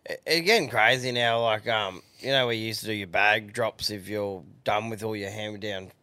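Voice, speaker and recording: Aussie co-host, lowish voice but sharp and punchy, dry close mic. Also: male voice, moderate pace, no room sound. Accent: Australian. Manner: casual, swearing, agreeable. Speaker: podcast co-host. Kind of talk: casual podcast chat.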